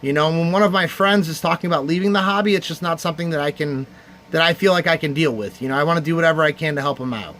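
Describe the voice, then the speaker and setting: A man's voice: on the high side, quick pace, a bit bright, slight background noise. Heartfelt rambling man hosting a livestream. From Cleveland area, United States. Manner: heartfelt and rambling, thanking viewers by name. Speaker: livestream host running a charity card auction. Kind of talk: casual livestream chat.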